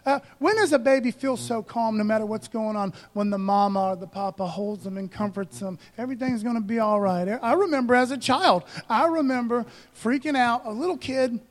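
Man, pastor, sermon, high-pitched, conversational, joking asides. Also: a little fast, hardly any pauses. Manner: conversational, joking, calls out to congregation.

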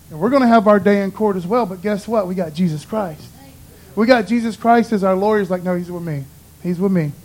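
Guy with a pretty high voice preaching casual, folksy style, lots of "you know, man". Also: darkish tone, rough recording. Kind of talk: informal sermon.

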